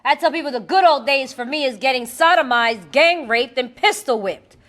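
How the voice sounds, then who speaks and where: A woman speaks at a recovery meeting, telling her story bluntly in streetwise talk. Her voice sits high, and she laughs often between lines. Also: expressive, moderate pace, a bit bright. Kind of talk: personal testimony talk.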